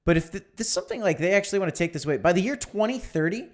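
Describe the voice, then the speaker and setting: A man hosting a casual livestream, talking in an animated, emphatic way that repeats phrases. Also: sits high, very fast. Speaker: livestream host.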